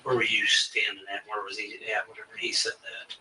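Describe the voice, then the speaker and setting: Probing investigator man, bright flat voice. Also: lowish voice, brisk. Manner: probing, steady questioning. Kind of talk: recorded police interview. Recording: distant mic with faint hiss.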